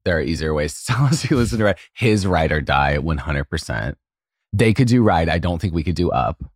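A man with a notably deep, low voice, co-hosting a relaxed podcast chat. He tells stories in an emotional, gushing way, stacking up "like" and other fillers. The sound is dry and close, with almost no room around it. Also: brisk, no room sound. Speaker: podcast co-host. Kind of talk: casual chat.

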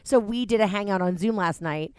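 A woman co-hosting a casual remote chat, talking in fast animated bursts with frequent laughter and swearing. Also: medium pitch, smooth, dry recording, clean studio sound. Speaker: podcast co-host. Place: at home, connected remotely.

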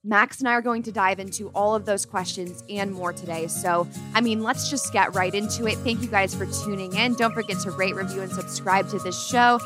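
A woman's voice: mid-range voice, fairly even intonation, fairly quick, hardly any pauses, music in the background. Upbeat chatty young woman podcast host. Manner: chatty, upbeat, valley-girl lilt. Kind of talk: casual podcast chat.

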